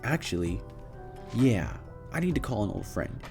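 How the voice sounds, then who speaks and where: A man's voice: fairly low pitch, big pitch swings, moderate pace, creaky, darkish tone, faint music behind. A man voicing a determined, loyal young champion trainer who speaks earnestly and firmly. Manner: earnest, firm.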